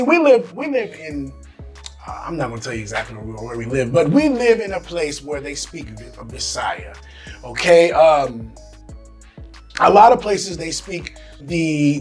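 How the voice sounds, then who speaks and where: An American man hosting his own vlog, talking casually and animatedly to camera in slangy speech. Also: on the high side. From United States. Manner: animated, slangy, acts out quoted voices. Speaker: expat vlogger host.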